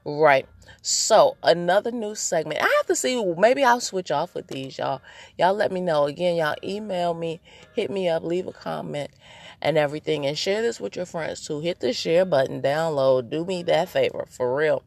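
Chatty woman podcast host, lower voice. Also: moderate pace, vocal fry. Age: adult, married. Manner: playful, chatty, laughs often, addresses listeners directly. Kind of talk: casual solo podcast chat.

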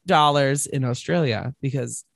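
A man's voice: mid-range voice, measured pace, gravelly, no echo. A young adult man, a drag queen co-hosting a podcast, chatting playfully, laughing often and swearing freely. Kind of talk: casual banter.

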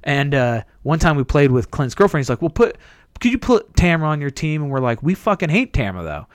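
Animated, profane young man telling stories. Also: fairly quick, clear, resonant tone, no echo, studio quality. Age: 20s. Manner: profane, rambling storytelling with high squeaky impressions. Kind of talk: casual chat.

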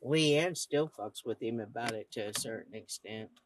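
Her voice rumbles low at a moderate pace, with noise in the background. This woman podcast host rambles through a lengthy tale, cursing freely, speaking bluntly, and voicing the other characters' words as she retells it.

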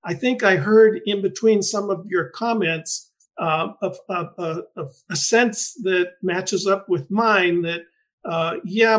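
A middle-aged man hosting an interview podcast, speaking thoughtfully with frequent restarts and fillers. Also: high voice. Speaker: podcast host and greenhouse researcher. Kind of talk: conversational interview.

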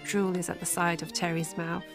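A woman narrating an audio drama, reading scene directions in a steady voice. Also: on the low side, moderate pace, over music.

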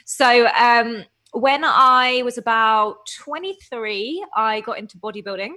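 A woman in her thirties, a fitness coach, telling her story as a podcast guest in a lively, laughing manner. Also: a little high, takes it slowly. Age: 30s. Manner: lively storytelling, acts out quotes, laughs often. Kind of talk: casual interview chat.

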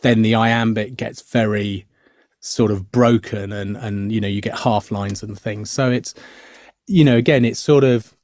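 A middle-aged man with a low voice talks through his acting training as a podcast guest. He is thoughtful and hedging, full of "um" and "you know" as he works out his points. The sound is dry and close. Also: steady tone, a little slow, darkish tone, dry recording. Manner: thoughtful, many fillers and restarts. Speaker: actor guest. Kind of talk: podcast interview.

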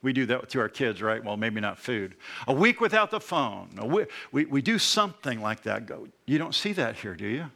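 Bright-voiced man preaching conversationally. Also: mid-range voice, moderate pace, vocal fry. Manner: conversational preaching with animated asides. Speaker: pastor. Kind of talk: sermon.

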